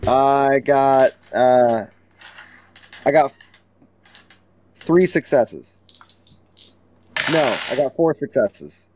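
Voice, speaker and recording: A man playing a tabletop role-playing game, speaking in a slow, deliberate way. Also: mid-range voice, a little mellow. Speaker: player.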